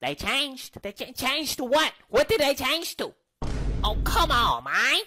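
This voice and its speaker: A woman's voice: sits high, sing-song, unhurried, pushed and bright, a little hiss or hum. A woman acting out comedy sketches in a slangy, brash and playfully bossy way. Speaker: sketch comedian playing several parts.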